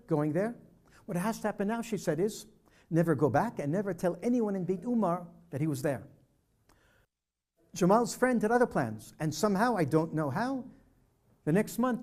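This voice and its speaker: Older male storyteller, mellow tone, brings the quoted dialogue to life for a church audience. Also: high voice. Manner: vivid storyteller acting out dialogue. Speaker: speaker at a peace dialogue presentation. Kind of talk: personal storytelling talk. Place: church hall presentation.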